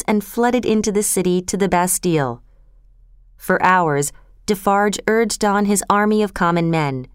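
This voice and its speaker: Woman, storybook narrator, measured scripted reading, smooth resonant voice, dry close sound. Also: medium pitch, dry recording.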